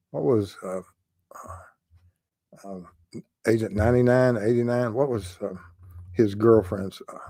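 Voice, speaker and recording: A man's voice: on the low side, warm tone, no room sound. Older guy chatting on his crime stream, lots of uhs, dry close sound. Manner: rambling, many ums and uhs, greets chat viewers. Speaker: true crime livestream host. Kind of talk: casual livestream chat.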